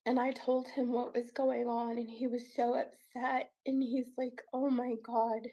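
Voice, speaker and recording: A woman's voice: on the high side, flat delivery, measured pace, warm tone. A woman guest on a call-in show, telling her own story in an earnest, tearful way. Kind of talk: emotional first-person account.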